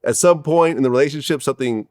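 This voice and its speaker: A man's voice: mid-range voice, fast talker, darkish tone. Male interviewer choosing his words carefully. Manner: hedging, apologetic, searching for words. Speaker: interview host. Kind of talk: interview conversation.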